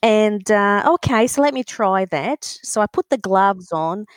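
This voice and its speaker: A woman telling a story in a casual interview, animated and full of fillers, acting out other people's voices. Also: medium pitch, unhurried, no echo. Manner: animated, acts out voices in quotes, many fillers. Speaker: alpaca breeder, guest.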